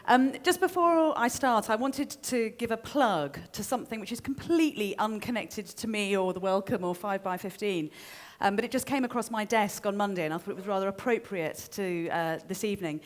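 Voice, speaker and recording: A woman's voice: medium pitch, fairly quick. A woman in her forties giving an informal talk to a live audience, chatty and self-deprecating with frequent ums and restarts. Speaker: speaker giving a short stage talk.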